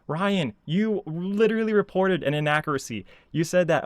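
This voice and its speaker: A man's voice: fairly high pitch, normal speed, hardly any pauses, no echo, studio quality. A man ranting casually as a video commentator, sarcastic and exasperated, full of filler words. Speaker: YouTube commentator.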